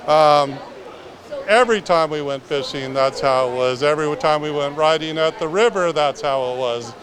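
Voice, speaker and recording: A man's voice: a little high, moderate pace. A man fondly recalling fishing trips with a late friend in plain, casual words. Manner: plain and fond, with a heartfelt close. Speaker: party guest sharing memories. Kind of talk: casual spoken tribute. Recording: busy crowd noise behind.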